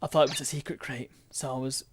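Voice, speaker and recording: A man's voice: medium pitch, flat delivery, fast talker, breathy edge, dry recording. A man giving chatty, self-mocking commentary while streaming a game.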